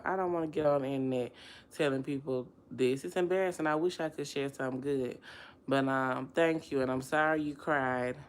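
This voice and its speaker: Gravelly Southern woman chatting on a livestream. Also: rumbling low, a little fast. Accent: Alabama Southern US. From Alabama, US. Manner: chatty, expressive, Southern slang. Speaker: livestream host. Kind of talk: casual livestream chat, reading comments aloud.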